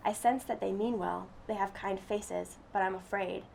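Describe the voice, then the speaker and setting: Female story reader, earnest and steady, gravelly tone. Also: medium pitch, normal speed, slight background noise. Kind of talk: first-person story reading.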